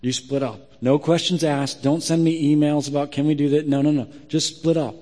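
Blunt pastor in a reverberant hall. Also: male voice, a little high, steady tone, normal speed, dark tone. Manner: blunt, direct, emphatic. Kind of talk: sermon.

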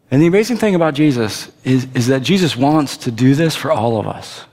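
A man preaching a conversational sermon, animated and playful, acting out the people in the story. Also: medium pitch, fast talker, hardly any pauses. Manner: animated, conversational, acts out characters' lines. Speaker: pastor. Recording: long reverb of a big hall.

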